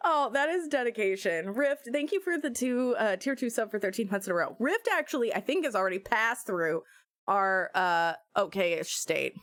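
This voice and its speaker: A woman streamer in casual live-stream chat, animated and joking, often breaking into laughter. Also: mid-range voice, normal speed, no echo, clean studio sound.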